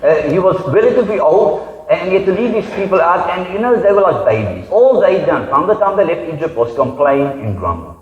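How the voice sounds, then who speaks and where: A man's voice: high-pitched, very animated, a little fast. A man, a pastor preaching a conversational sermon and acting out quoted voices. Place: church hall. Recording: echoey hall, dull sound.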